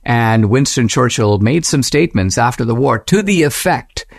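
A male podcast host talks through history in a measured, reflective commentary, slowing down to stress key phrases. His voice sits at an ordinary middle pitch. The sound is dry and close, with no room echo. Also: lively intonation, gravelly, slightly rough. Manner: measured, reflective delivery with slow emphatic phrases; mimics a Western voice when reading quotes, rising high. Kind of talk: commentary reading quoted passages.

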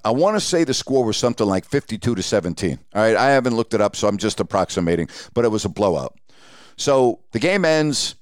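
A man's voice: mid-range voice, clean tone, no echo, studio quality. A middle-aged man hosting a podcast, casually telling stories from his sportscasting career and acting out the dialogue. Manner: animated storyteller acting out quoted dialogue. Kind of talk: casual storytelling.

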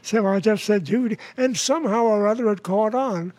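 A man in his nineties from New York, a guest comedian telling stories in a halting way, with restarts and chuckles. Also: sits high, darkish tone. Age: 90s. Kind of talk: casual storytelling interview.

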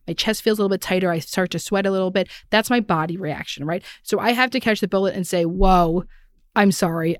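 A woman's voice: medium pitch, dry recording. A woman host in an easygoing, candid chat, talking openly and poking fun at herself now and then. She slips into little quoted voices as she tells her stories. The sound is dry and close, with no room around it. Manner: frank, self-deprecating, acts out quoted voices. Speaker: podcast host.

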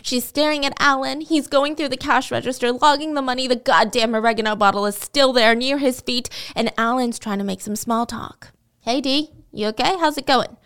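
A woman's voice: fairly high pitch, steady tone, brisk, few pauses, a bit bright, smooth. Chatty woman telling a crime story. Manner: chatty, dramatic asides. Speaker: podcast host, storyteller. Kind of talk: casual true-crime storytelling.

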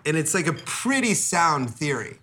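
A man in his thirties chats as a guest with a bright, slightly raised voice. He makes wry, quick asides. The talk is casual. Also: a little high, sing-song, slight background noise. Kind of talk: casual banter.

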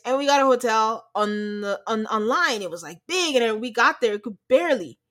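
An American woman co-hosting a casual chat, recapping a reality show in an animated way and acting out quotes. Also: a little high. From United States. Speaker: podcast co-host.

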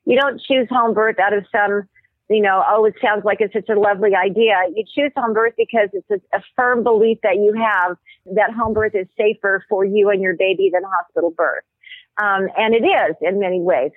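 A woman guest walks through her ideas in an earnest, explanatory manner, now and then pausing on an um. Her voice comes through a narrow, phone-like line with no room sound. Her pitch sits in an ordinary middle range. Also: no room sound. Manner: earnest, explaining at length with occasional ums. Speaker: medical anthropologist guest. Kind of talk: explanatory interview talk. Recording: tinny phone-like line, dry.

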